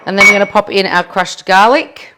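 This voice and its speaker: A woman's voice: mid-range voice, brisk, noisy background. A woman with an Australian accent leading a live cooking demonstration in a kitchen, chatty and self-deprecating. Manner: chatty and self-deprecating, laughs at her own mess. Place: home kitchen.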